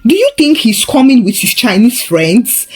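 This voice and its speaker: A woman's voice: on the high side, normal speed, breathy edge. A woman voicing a bold, ambitious young woman who boasts and slips into pidgin. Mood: eager. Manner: excited, boastful, mixing in pidgin.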